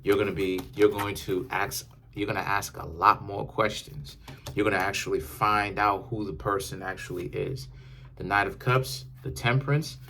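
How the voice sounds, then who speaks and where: A man's voice: on the low side, steady tone, normal speed, gravelly, sharp tone, slight background noise. A man giving a casual, rambling tarot reading, often correcting himself as he talks. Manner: rambling, self-correcting, conversational. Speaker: tarot reader.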